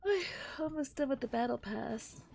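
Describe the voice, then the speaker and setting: Tired, gravelly-voiced woman streamer. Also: lively intonation, normal speed, mellow, faint music behind. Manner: low-energy, rambling, apologetic about yawning. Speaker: game streamer. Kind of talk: casual gameplay chat.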